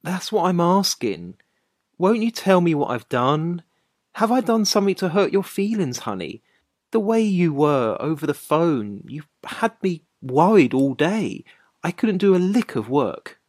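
A woman's voice: lowish voice, big pitch swings, measured pace, a little mellow, no room sound, studio quality. A woman voicing an anxious young man who pleads and grows exasperated in a dramatized story. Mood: pleading. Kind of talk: dramatized short story reading.

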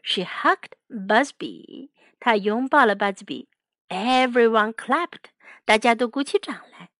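A woman's voice: on the high side, expressive, slow, a bit bright, no echo. A woman teacher reading a children's story aloud, each line in English and then in Chinese.

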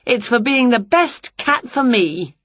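A woman doing a cheerful, scatterbrained witch with a squeaky high voice that swoops up on every exclamation. The sound is a bit dull and lo-fi, dry with no room around it. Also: expressive, slow, fairly bright tone, dry recording, heavily acted. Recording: dull lo-fi home recording.

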